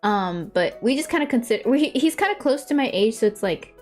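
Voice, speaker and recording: A woman's voice: animated, a little fast, darkish tone, faint music behind. Chatty young woman streamer. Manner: chatty storytelling, laughs often, mimics relatives in a high voice. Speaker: vtuber streamer. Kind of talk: casual chat while drawing.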